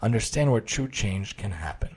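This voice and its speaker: A man's voice: fairly low pitch, animated, moderate pace, darkish tone, slightly rough. A man giving a direct, emphatic motivational talk and reading stories aloud.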